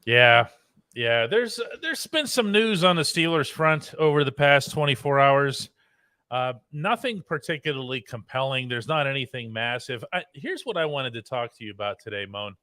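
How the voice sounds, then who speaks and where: A man's voice: mid-range voice, expressive, moderate pace, pushed and bright, clear, resonant tone, dry recording, clean studio sound. A man co-hosting a casual sports talk show, chatty and explaining things at length. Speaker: co-host, sports columnist.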